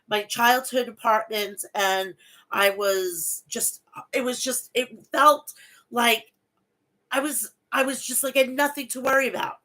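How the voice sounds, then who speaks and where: A woman's voice: mid-range voice, sharp tone, low-quality recording. A woman in her thirties hosting a casual wrestling podcast, blunt and swearing freely. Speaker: podcast host.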